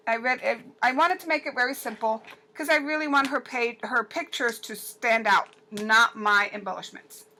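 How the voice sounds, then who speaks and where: A woman talks through her handmade album in a loose show-and-tell way, pausing on ums and circling back over her words. Her voice sits a little high and sounds bright and lively. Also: low-quality recording. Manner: chatty and halting, with many ums and restarts. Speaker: paper crafter showing an album. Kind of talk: casual show-and-tell crafting video.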